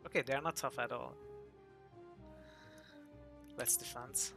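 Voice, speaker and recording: Gravelly-voiced man streaming a game. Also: medium pitch, fairly even intonation, measured pace, over music. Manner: thinking aloud, chuckling at the game. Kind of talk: casual gameplay commentary.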